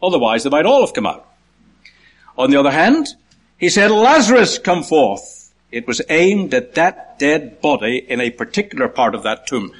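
A man preaching a sermon, counting points through a passage, lifting his voice high to call out quoted words and dropping low for quiet asides. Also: very animated, normal speed, husky.

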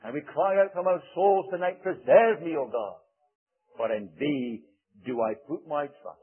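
A man preaching a sermon in a solemn manner, quoting archaic scripture with dramatic pauses. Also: on the high side. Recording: tinny phone-like recording.

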